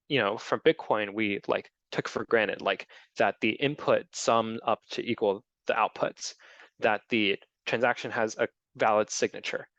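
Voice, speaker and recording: A man's voice: mid-range voice, creaky, a bit bright, no echo. Man explaining blockchain tech, dull sound. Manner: explanatory, with many ums and restarts. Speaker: presenter. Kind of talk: technical talk with audience questions.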